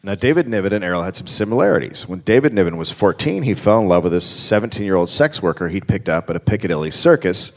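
A man's voice: low voice, animated, quick pace, few pauses. A man hosting a live comedy podcast, telling a story in a dry, wry way with crude asides. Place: live show on stage.

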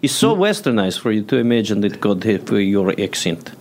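A man's voice: on the low side, very animated, brisk, darkish tone, voice pushed down. A man voicing a smug male God with a comic Russian accent and broken English, as an improv bit on a comedy podcast. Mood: mock-stern. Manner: broken English, mock-stern, teasing.

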